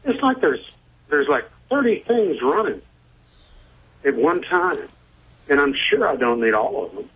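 Husky middle-aged caller, halting speech, dull phone-line sound. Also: male voice, on the high side, big pitch swings. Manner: halting, with many fillers and restarts. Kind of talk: call-in question on a radio show.

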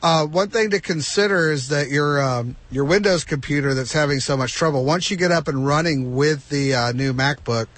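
A man's voice: fairly high pitch, normal speed, few pauses, a bit bright, no room sound. A man hosting a radio tech show, explaining a fix step by step to a caller. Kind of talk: call-in advice.

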